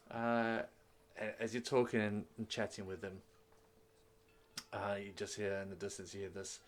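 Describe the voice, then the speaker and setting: A man's voice: fairly low pitch, level tone, moderate pace, long pauses, a little hiss or hum. A man narrating a tabletop game as game master, in a rambling, descriptive way with many fillers.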